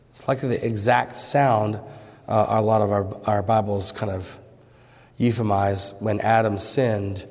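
A man preaching a sermon, pressing rhetorical questions and then dropping to hushed pleas. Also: fairly low pitch, steady tone, a little slow. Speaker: pastor. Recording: long reverb of a large hall.

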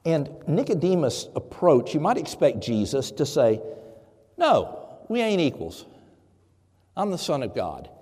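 A man's voice: mid-range voice, dark tone, big-room sound. A man preaching a conversational sermon as pastor, with many fillers and restarts.

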